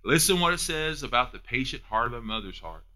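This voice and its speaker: A man preaching a sermon as pastor, with a folksy manner, swinging from loud high peaks down to soft hushed asides. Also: sing-song, a little fast. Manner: folksy, uses down-home phrasing.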